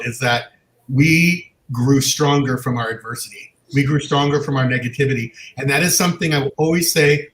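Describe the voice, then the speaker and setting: A middle-aged man with a Californian accent, co-hosting a casual chat show in an animated, laughing way. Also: mid-range voice. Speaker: co-host. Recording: roomy echo, faint background noise.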